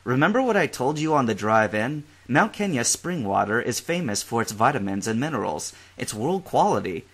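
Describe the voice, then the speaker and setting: A man's voice: medium pitch, big pitch swings, normal speed, fairly bright tone, breathy edge, heavily acted. A worn-out young man speaks in a weary, easygoing voice, near the reader's own tone, as a man plays him. He sounds ready to drop off in this fan-fiction audiobook. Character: tired friendly young man, drowsy.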